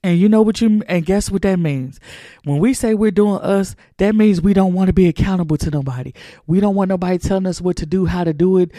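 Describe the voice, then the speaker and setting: High-voiced man preaching in a dry room. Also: a little fast, dark tone, no room sound. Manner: emphatic, colloquial, repetitive street-preacher cadence. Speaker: podcast host. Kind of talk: preaching monologue.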